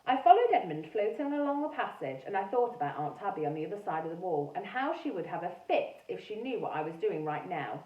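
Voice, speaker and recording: Animated woman reading a story aloud. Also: fairly low pitch, fast talker, few pauses. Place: classroom or school room. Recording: echoey room, mic far off, dull sound.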